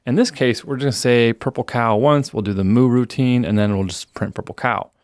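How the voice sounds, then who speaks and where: A man teaching a programming lesson in a relaxed, explanatory way, reading the program output aloud as he works through the code. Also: medium pitch, fairly quick, no room sound, studio quality. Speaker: programming instructor. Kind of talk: screencast coding lesson.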